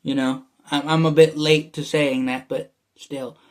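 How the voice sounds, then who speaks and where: A man's voice: a little high, level tone, a little slow. A young man from Michigan with a Michigan accent, rambling casually to his vlog viewers with many fillers. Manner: meandering, full of fillers and restarts. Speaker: YouTuber.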